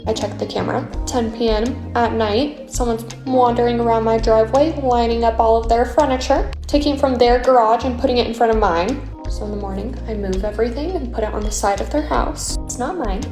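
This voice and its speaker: A woman casually recounting a story for a storytime video, incredulous and animated. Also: on the high side. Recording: echoey room.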